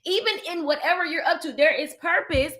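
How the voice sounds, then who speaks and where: A woman hosting a casual faith-based motivational talk, animated and preachy, calling her viewers "baby" and "honey.". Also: very high voice, brisk. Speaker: host of a live motivational stream.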